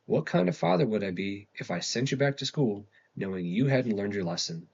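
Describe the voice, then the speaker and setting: Guy reading as a strict mad dad, low husky voice, stern, dull recording. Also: expressive, a little fast, darkish tone, full character voice. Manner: stern and scolding. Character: angry, strict middle-aged father.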